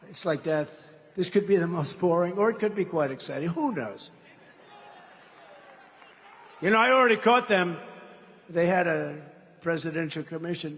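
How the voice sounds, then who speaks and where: The voice belongs to an older political candidate at a rally in a large hall packed with a crowd. Slightly high and a bit bright, he rambles and mocks, teasing listeners with asides, while long reverb and faint ambience fill the space.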